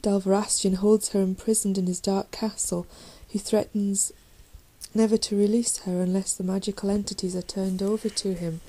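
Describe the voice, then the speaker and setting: A woman's voice: mid-range voice, little pitch movement, moderate pace, warm tone, natural voice, rough recording. A woman voicing a grief-stricken elf prince. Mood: desperate. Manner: faltering, desperate pleading. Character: grieving, pleading male elf prince.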